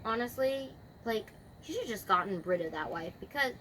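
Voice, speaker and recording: A woman's voice: fairly high pitch, lively intonation, moderate pace, fairly bright tone, slight background noise. A woman retelling a scripture story in casual, slangy chat. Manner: chatty, slangy, filler-heavy.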